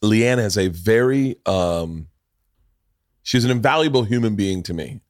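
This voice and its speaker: A middle-aged man hosts a podcast in a loose, rambling way. He swears freely and jumps into other people's voices as he tells his stories. His voice sits fairly low, and the sound is dry and close. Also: lively intonation, measured pace, no echo. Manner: rambling, profane storytelling that acts out other people's lines. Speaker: podcast host. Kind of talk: casual chat.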